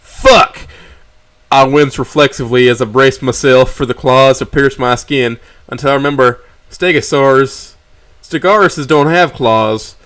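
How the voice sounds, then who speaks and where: A man's voice: mid-range voice, moderate pace, a bit bright. Man reading a story aloud, stumbling often. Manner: stumbling, self-correcting reading.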